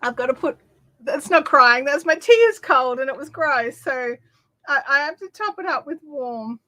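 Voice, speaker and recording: A woman's voice: high voice, animated, normal speed, bright, forceful tone. A woman hosting a craft livestream, chatting casually with viewers and reading their comments with lots of fillers and asides.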